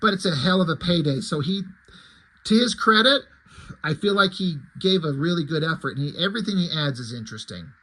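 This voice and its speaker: A man talks through a comic book in a relaxed, rambling review, with a voice that sits a little high and has a husky edge. He drops the odd swear word and reads the characters' lines out in a plain way. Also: brisk, low-quality recording. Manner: chatty and loose, swears casually; paraphrases dialogue in a plain reading voice. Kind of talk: casual comic review chat.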